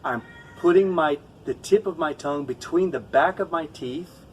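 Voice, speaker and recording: A man teaching pronunciation with a somewhat high voice, patiently demonstrating each sound again and again. He sits a little back from the microphone. A faint hum of room noise runs underneath. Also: recorded from a distance, low-quality recording. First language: English. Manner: patient, demonstrating sounds slowly and repeating examples. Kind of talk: pronunciation lesson to camera.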